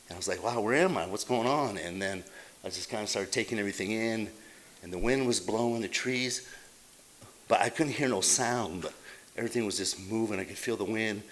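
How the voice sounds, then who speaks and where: A middle-aged man from Utah telling his recovery story at a meeting, halting and plain-spoken, with many fillers and restarts. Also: on the low side, fairly bright tone, slight background noise. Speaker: AA meeting speaker. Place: meeting hall.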